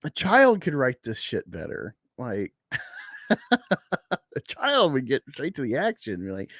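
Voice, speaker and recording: A man's voice: medium pitch, sing-song, measured pace, fairly bright tone, no echo, clean studio sound. A man hosting a casual reaction chat, laughing and scornful as he rambles about a comic. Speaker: host.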